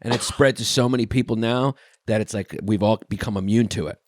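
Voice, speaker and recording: A man co-hosting a comedy podcast, telling crude stories in a deadpan way. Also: on the low side, fairly quick, no echo, clean studio sound. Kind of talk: casual podcast chat.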